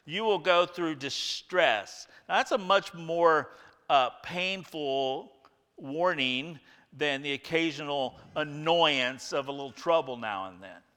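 A man preaching a sermon, emphatic and repeating key phrases, dropping to a hush and rising again. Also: on the high side, takes it slowly, smooth, in a large hall. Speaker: pastor.

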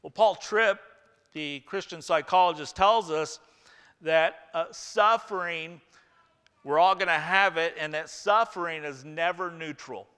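Man preaching, bright crisp voice, emphatic, repeats phrases, long hall reverb. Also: a little high, a little slow. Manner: emphatic, repeats key phrases, swings from loud to hushed. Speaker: pastor. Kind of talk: sermon.

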